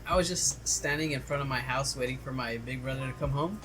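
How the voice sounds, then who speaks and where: A young man on a casual podcast recounts a story at an ordinary pitch, slipping into the voices of the people he quotes. Faint music sits underneath his talk. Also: brisk, rough recording. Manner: storytelling, acting out quotes with laughter. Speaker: podcast co-host. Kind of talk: casual chat.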